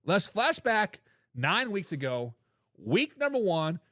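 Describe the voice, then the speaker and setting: A man hosting a live sports talk show, giving loud opinions on football and reading out viewer comments. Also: high voice, slow, no echo, clean studio sound. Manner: animated, opinionated, reads chat comments aloud.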